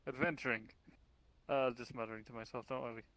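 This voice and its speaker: A man's voice: medium pitch, fairly even intonation, quick pace, a bit bright, no echo, poor audio. A man in casual in-character roleplay over voice chat, rambling and swearing now and then, muttering to himself. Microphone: voice chat mic.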